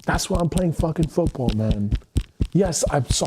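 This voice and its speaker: A man's voice: a little high, expressive, moderate pace. A young man venting angrily on a livestream, swearing heavily and repeating himself. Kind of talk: emotional livestream monologue. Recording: noisy stream audio.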